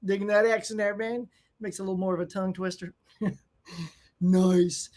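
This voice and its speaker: A man hosting a casual live stream from home, chatting excitedly and greeting viewers by name. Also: high voice, normal speed. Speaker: channel host. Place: home room.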